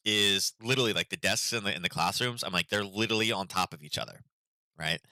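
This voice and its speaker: Middle-aged male host, casual rambling chat, deep and piercingly bright, dry close sound. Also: fast, dry recording. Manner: rambling, chatty storytelling with many fillers. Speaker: market analysis host.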